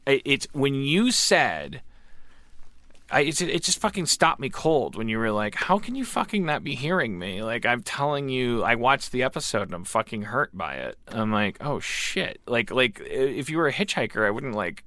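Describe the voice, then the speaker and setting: A man co-hosting a casual podcast chat, excitable and profane, often stammering and restarting his sentences. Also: mid-range voice, normal speed, dry recording. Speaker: podcast co-host.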